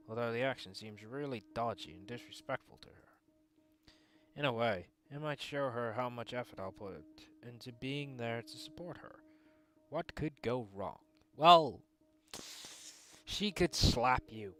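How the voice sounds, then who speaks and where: A man's voice: mid-range voice, normal speed, fairly bright tone. A man reading a visual novel aloud in earnest first-person narration, adding dry asides of his own. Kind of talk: dramatic read-aloud narration.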